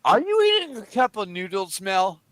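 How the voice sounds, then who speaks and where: An American man in his forties, joking loudly and crudely in a casual stream chat. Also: high voice, big pitch swings, normal speed, slight background noise. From United States. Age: 40s. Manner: loud, crude joking banter. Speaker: stream guest.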